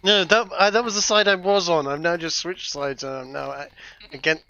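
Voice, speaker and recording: A man's voice: fairly high pitch, fairly even intonation, fairly quick, vocal fry, sharp tone. A man streaming a video game and chatting with friends, stammering, joking and swearing often. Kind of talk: casual gameplay commentary. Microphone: poor-quality headset mic. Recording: lo-fi voice chat mic.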